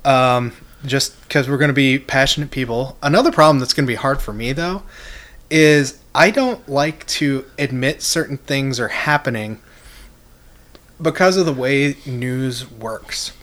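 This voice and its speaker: A man's voice: mid-range voice, measured pace, a bit bright. A man hosting a casual faith podcast, talking passionately in long rambling runs full of restarts. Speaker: podcast host.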